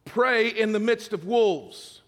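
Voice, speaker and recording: A man's voice: high voice, slow, fairly bright tone. A middle-aged male pastor preaching a sermon, telling a story with self-deprecating humor and repeating words as he builds. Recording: hall reverb.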